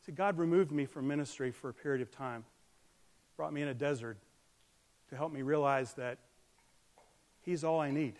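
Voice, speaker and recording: A man's voice: a little high, moderate pace, long pauses. Earnest preaching man in a reverberant hall. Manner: earnest, rises to loud emphatic peaks then drops soft. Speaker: pastor. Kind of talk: sermon.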